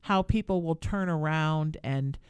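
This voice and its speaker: A woman's voice: deep voice, measured pace, clear, resonant tone, no room sound. A woman hosting a live call-in radio show, giving chatty, emphatic spiritual advice to callers. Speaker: radio show host and psychic.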